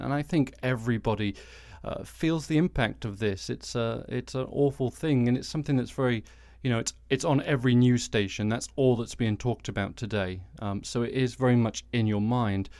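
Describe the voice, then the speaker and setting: A man's voice: mid-range voice, normal speed, few pauses, darkish tone, no echo, clean studio sound. A British man in his forties hosting a solo podcast, ranting with exasperation and frequent swearing. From Britain. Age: 40s. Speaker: podcast host.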